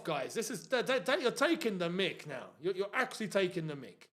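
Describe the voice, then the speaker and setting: A young man hosting a live football watchalong, reacting to the match with chatty asides and excited outbursts. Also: high-pitched, brisk, hardly any pauses. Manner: excitable, shouts and laughs at chances, chatty asides.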